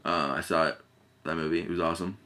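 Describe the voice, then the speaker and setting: A man's voice: low voice, fairly even intonation, quick pace, bright, forceful tone. A man giving a casual, rambling movie review, full of fillers and restarts and often giggling.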